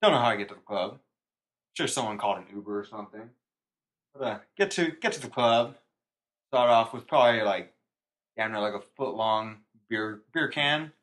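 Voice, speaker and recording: A man's voice: lowish voice, lively intonation, moderate pace, fairly bright tone. Young man rambling through a story. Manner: rambling, self-mocking, laughing at himself. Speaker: podcast co-host. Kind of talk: casual storytelling chat.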